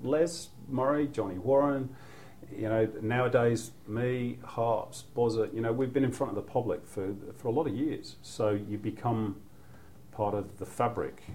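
Speaking unhurriedly in a warm, mid-range voice, a middle-aged Mancunian man guests on a laid-back podcast. He's a football commentator who wanders through anecdotes, restarting often and saying "you know" a lot.

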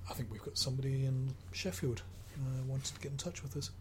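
A man's voice: mid-range voice, steady tone, brisk, a little mellow, a little hiss or hum. Rambling man on radio. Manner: easygoing, rambling with fillers. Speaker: radio football panelist. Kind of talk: casual radio chat.

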